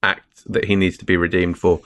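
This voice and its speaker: Low-voiced man, halting chat. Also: flat delivery, a bit bright. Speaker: podcast co-host. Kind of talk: casual chat.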